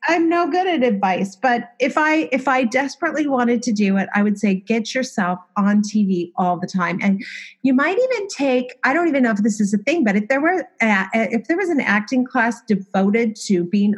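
A woman's voice: fairly high pitch, animated, normal speed, breathy edge. A middle-aged woman, a designer and former TV host, telling stories in a casual interview in a candid, self-deprecating way.

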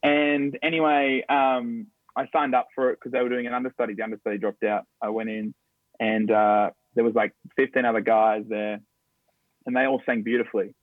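A man's voice: medium pitch, level tone, fairly quick, no echo. A young Australian man, a stage actor, chatting upbeat and telling stories in an interview. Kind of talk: casual interview chat. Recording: dry tinny phone-like line.

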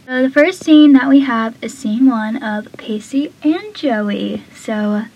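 A woman's voice: a little high, darkish tone, husky, lo-fi sound. A woman hosting a casual episode recap, chatty and full of fillers, slipping into whispery asides and laughing between lines. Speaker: show recap host.

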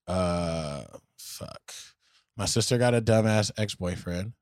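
A young man on a podcast, telling stories in a blunt, profane, animated way. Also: low-pitched, slow, clean tone, no room sound, clean studio sound. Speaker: podcast co-host. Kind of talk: casual chat.

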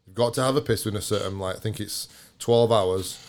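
A man's voice: on the low side, a little fast. A man telling a blunt, sweary story in casual podcast chat.

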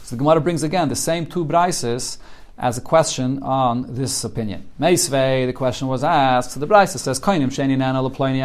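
A man teaching a Talmud class in English with Yeshivish terms, translating the Aramaic text line by line and explaining it as he goes. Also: medium pitch. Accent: English with Yeshivish Hebrew and Aramaic terms. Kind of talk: daily Talmud study class.

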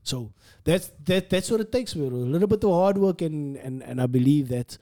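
A man's voice: fairly high pitch, lively intonation, normal speed, warm tone. A man who does stand-up comedy, talking earnestly in a casual podcast chat, repeating words and calling his friend bro.

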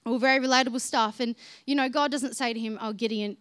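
High-voiced woman preaching casually. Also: fairly even intonation, fast talker, fairly bright tone, no echo, studio quality. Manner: chatty and informal, addresses listeners directly. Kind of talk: conversational sermon.

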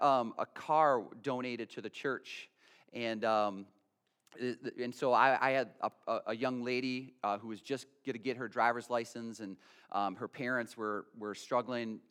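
A man preaching a sermon as a pastor, telling a story in an animated way and often stammering and repeating his words. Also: medium pitch, smooth.

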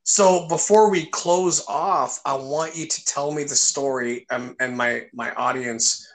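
A host wrapping up an interview and asking the guest for a story, speaking in a slow, deliberate way. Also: mid-range voice, fairly even intonation, rough recording. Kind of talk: interview wrap-up.

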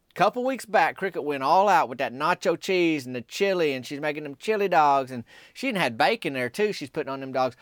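A man's voice: fairly high pitch, no room sound, studio quality. A young man telling a rambling, folksy story in a comedic character monologue.

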